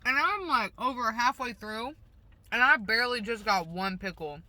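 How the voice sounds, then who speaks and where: Woman vlogger, very bright sharp tone, rambles with her mouth full in a car. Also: fairly high pitch, lively intonation, normal speed. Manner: talks with mouth full while eating; rambling, self-conscious, blunt. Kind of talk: casual rambling mukbang chat. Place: parked car.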